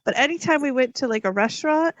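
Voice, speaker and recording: A woman in her thirties co-hosting a podcast, telling a parenting story haltingly with many fillers. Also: high voice, expressive, no echo, lo-fi sound. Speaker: podcast co-host. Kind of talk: casual chat.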